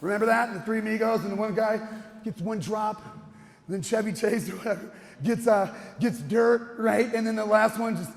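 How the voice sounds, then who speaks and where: A quiet, gruff man mumbling about funny movie scenes, as a storyteller quotes him. The voice sits high with some gravel. A long hall reverb trails after each halting phrase.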